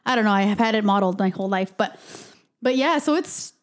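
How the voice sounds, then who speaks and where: A young woman in casual chat, talking quickly with many fillers and laughs. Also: mid-range voice. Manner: chatty, filler-heavy, laughing.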